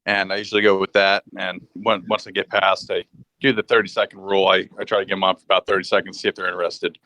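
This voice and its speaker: Fast, bright-voiced man asking about sales. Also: low voice, level tone, low-quality recording. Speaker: caller asking a question. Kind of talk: casual chat on a live call.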